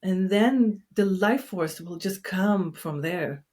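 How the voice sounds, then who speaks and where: Woman, therapist, gentle, soothing, unhurried, reflective talk. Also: mid-range voice. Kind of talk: reflective conversation.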